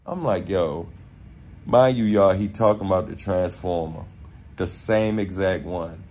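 A young man with a Baltimore accent telling a casual story, animated and profane, acting out quotes in street slang. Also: low voice, a little slow. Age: young adult.

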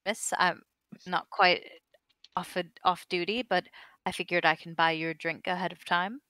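A woman voicing a gruff, bossy male dwarf barkeeper who calls everyone lad and lass. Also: on the low side, fairly even intonation, normal speed, bright, forceful tone, dry recording. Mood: courteous.

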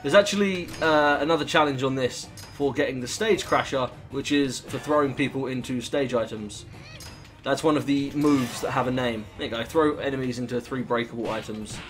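A man's voice: medium pitch, normal speed, soft background music. A young British man giving rambling, jokey, sweary commentary while playing a video game. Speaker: gaming YouTuber. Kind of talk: gameplay commentary.

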